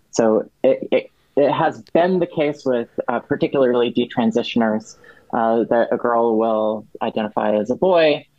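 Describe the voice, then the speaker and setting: A man's voice: mid-range voice, darkish tone, dry recording. Male guest, explains carefully with fillers; dry, slightly muffled recording. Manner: halting, many restarts and fillers. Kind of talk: explaining policy in a podcast chat.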